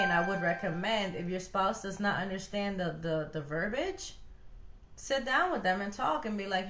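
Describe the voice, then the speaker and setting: A woman's voice: mid-range voice, moderate pace. A young woman from Connecticut co-hosting a podcast, giving casual relationship advice and acting out quoted voices as she talks. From Connecticut, USA. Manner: animated, acts out quoted voices. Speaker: podcast co-host. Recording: echoey room.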